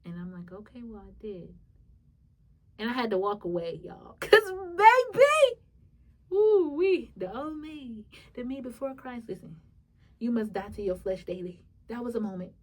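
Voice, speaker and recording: A young woman, hosting a podcast and telling a personal story in a lively, animated way. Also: mid-range voice, moderate pace, far from the mic. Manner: lively, animated retelling with acted-out quotes and laughs. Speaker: podcast host. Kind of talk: casual storytelling monologue.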